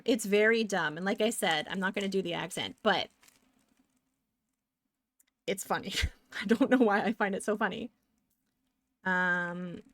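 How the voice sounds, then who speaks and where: A woman's voice: medium pitch, no echo. A woman streaming live while she draws pixel art, chatting casually, rambling off on tangents and answering her chat.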